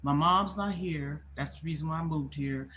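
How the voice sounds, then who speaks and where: A woman's voice: low voice, moderate pace, a bit bright, a little hiss or hum. A middle-aged woman talking candidly on a live stream from her phone. She is worried and close to tears, and she rambles and repeats herself. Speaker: livestreamer.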